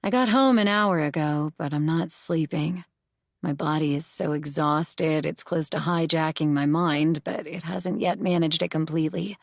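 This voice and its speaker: A woman voicing a gruff, tired man, a protective uncle, in an audiobook. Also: deep voice, normal speed, dry recording, studio quality. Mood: weary. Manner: gruff and weary. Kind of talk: audiobook character voice.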